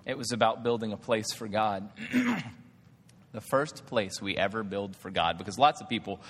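A man preaching a storytelling sermon, animated, swinging from hushed asides to loud excited bursts. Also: lowish voice, normal speed, breathy edge. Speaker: pastor. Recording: long hall reverb.

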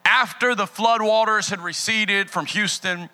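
Bright-voiced young pastor, joking sermon. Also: male voice, high-pitched, a little slow, soft background music, poor audio. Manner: casual, joking, lively with the crowd. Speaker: guest pastor. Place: church sanctuary.

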